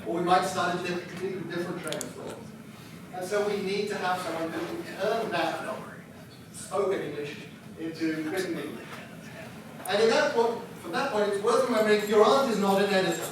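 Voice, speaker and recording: A man's voice: high-pitched, fairly quick, background noise. A man giving an instructional talk on writing a book, chatty with self-deprecating humor. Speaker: book publisher presenting a workshop. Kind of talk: instructional presentation. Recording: echoey room picked up from a distance.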